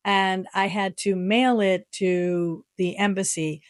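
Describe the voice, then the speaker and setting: A middle-aged American woman living in Japan, telling a story in a casual vlog with an animated, exasperated manner and frequent laughs. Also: mid-range voice, slow, no room sound, clean studio sound. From United States. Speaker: vlogger. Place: her home in Japan.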